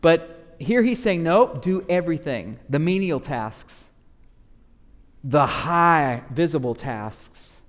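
A man preaching with animated, rising emphasis and a slightly high voice. His words ring out with a long reverb, as in a church sanctuary. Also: takes it slowly. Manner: animated preaching, acts out grumbling church members in asides. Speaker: pastor. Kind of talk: sermon.

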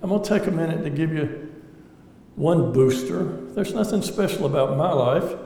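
A lay speaker tells his personal story to an audience in a large hall, earnest and reflective, with wry humor. His slightly high voice is animated and warm with vocal fry, at a moderate pace. The hall's echo and faint ambience are audible in the recording.

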